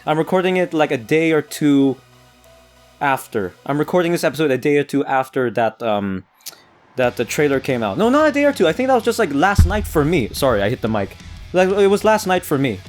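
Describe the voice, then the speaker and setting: A man's voice: on the high side, sing-song, brisk, soft background music. A man with an American accent giving casual gameplay commentary, laughing often and tripping over his own restarts. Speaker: let's play gamer.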